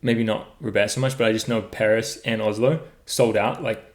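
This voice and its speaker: A man's voice: fairly low pitch, steady tone, normal speed. A young man with a New Zealand accent, co-hosting a casual podcast chat and laughing easily. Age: young adult. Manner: laid-back, laughs often. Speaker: podcast co-host.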